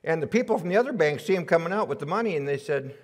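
A man's voice: fairly high pitch, lively intonation, rapid-fire. A man preaching as a guest in a church, telling a folksy joke and repeating his words as he goes. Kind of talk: sermon with a joke. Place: church sanctuary. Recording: long church reverb.

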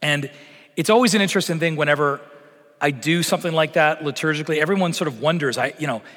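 A male pastor preaching with lively, conversational energy and flashes of humor. His voice sits high for a man and rings out with the long reverb of a church sanctuary. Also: quick pace. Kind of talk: sermon.

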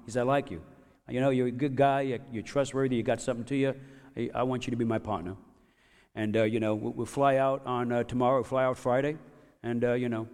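A man tells his own story in a loose, rambling way, stumbling over words and restarting as he goes. His voice sits at an ordinary pitch for a man. The sound carries a long reverb tail. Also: a little mellow. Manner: chuckles often while telling. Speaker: speaker giving a personal testimony. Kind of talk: casual storytelling testimony.

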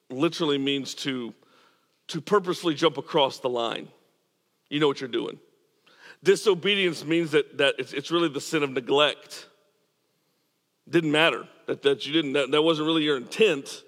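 A man's voice: on the high side, moderate pace, long pauses, a bit bright, long reverb tail. A man preaching a sermon as pastor, earnest and emphatic, repeating words as he drives points home. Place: church.

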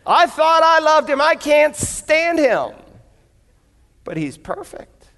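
A man's voice: a little high, huge pitch swings, unhurried, a bit bright, long reverb tail, pitched below the performer's own voice, full character voice. A man voicing a devoted young wife who is anxious and pleading, as part of a sermon illustration. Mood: exasperated. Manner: pleading, then exasperated.

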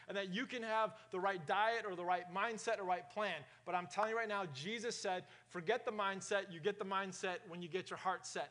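High-voiced energetic male pastor. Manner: energetic, asks the room questions. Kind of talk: sermon.

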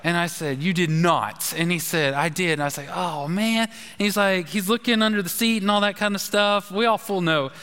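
A man, a pastor telling a chatty, animated story in a sermon. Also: high voice, moderate pace, hardly any pauses, clean tone. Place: church sanctuary. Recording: long reverb of a large hall.

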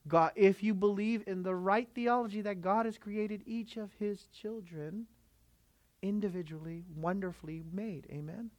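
Male preacher of Filipino background, emphatic sermon delivery, slightly high voice, dry close sound. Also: moderate pace, dry recording. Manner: emphatic, rhetorical questions to the congregation. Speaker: pastor.

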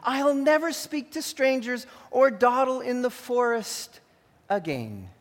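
A man's voice: very high-pitched, lively intonation, takes it slowly, voice pushed up, heavily acted. A man doing an innocent little girl. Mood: tearful. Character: innocent young girl in a red hood. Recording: long hall reverb.

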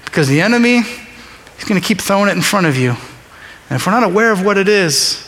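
A man's voice: high-pitched, lively intonation, fast talker, fairly bright tone, a little hiss or hum. Male pastor, sermon, conversational and punchy, repeats his points, echoing sanctuary sound. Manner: conversational, emphatic, repeats key phrases. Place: church sanctuary during a service.

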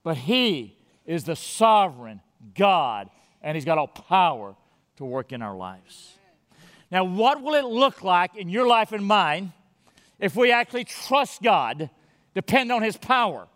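A man's voice: sits high, very animated, unhurried, a bit bright. A man preaching a sermon as pastor, emphatic and building his points by repetition. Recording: hall reverb.

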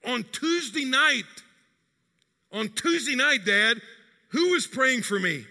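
A man's voice: very high voice, lively intonation, slow pace, vocal fry, pushed and bright, voice pushed up, full character voice. A man voicing a distraught young woman, pleading. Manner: urgent, pleading repetition. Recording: long church reverb.

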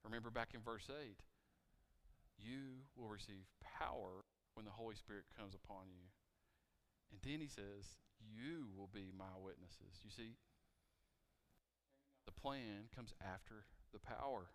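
A man preaching a sermon in a church, asking the congregation questions and moving between loud emphasis and quiet appeals. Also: medium pitch, measured pace. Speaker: pastor. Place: church sanctuary. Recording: reverberant church hall, mic cutting out.

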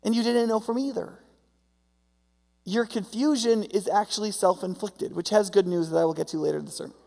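High, gravelly preacher in reverberant hall. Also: male voice, brisk, a little mellow. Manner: conversational, frequent "right?" and "like". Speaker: pastor. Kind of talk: sermon.

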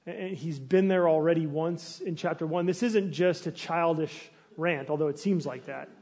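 A man's voice: fairly high pitch, moderate pace, breathy edge. Conversational man preaching a sermon. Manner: conversational, searching questions to the congregation; restarts and fillers, animated when acting out complaints. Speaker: pastor.

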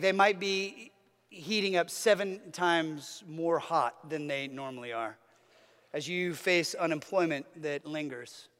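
A man's voice: fairly high pitch, a bit bright, clean tone, long reverb tail. A man preaching a sermon as a pastor, earnest, with a repetitive, building cadence.

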